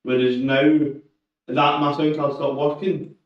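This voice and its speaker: A man chatting casually during a live stream while he trains, relaxed and swearing now and then. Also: fairly high pitch, unhurried. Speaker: streamer training for a powerlifting meet. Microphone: shotgun mic through a camera, away from him. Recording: echoey, distant, muffled lo-fi mic.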